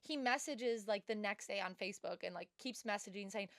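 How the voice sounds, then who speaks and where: A woman's voice: medium pitch, brisk, fairly bright tone, no echo, clean studio sound. A young woman co-hosting a podcast, telling a story animatedly and acting out the dialogue. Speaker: podcast co-host. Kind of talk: casual chat.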